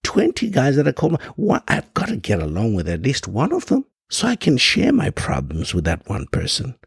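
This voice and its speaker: A man's voice: mid-range voice, huge pitch swings, moderate pace, creaky, husky, no room sound, studio quality. A man from Africa giving an impassioned monologue, firing off rhetorical questions and stumbling over frequent restarts. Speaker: podcast host.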